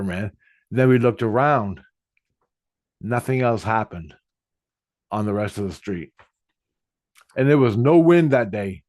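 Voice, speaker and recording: A man's voice: medium pitch, a little mellow, no echo. A middle-aged man telling a rambling, profane personal story about spiritual experiences. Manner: profane, meandering, blunt. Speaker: spiritual vlogger.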